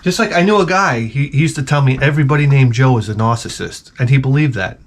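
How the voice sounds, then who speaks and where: A man's voice: mid-range voice, quick pace, a little hiss or hum. A man hosting his own channel, talking in a rambling, offhand way with lots of fillers and restarts. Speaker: channel host. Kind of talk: rambling casual monologue.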